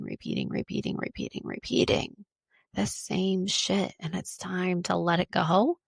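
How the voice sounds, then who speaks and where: A woman's voice: lowish voice, creaky, no echo, clean studio sound. A woman hosting a wellness podcast, talking casually and informally and repeating words for emphasis.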